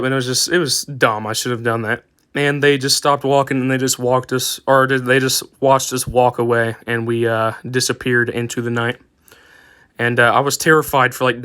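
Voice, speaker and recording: Young guy rambling thru a storytime, swears a lot, casual, average pitch. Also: sharp tone, clean tone. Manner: loose, profane, rambling.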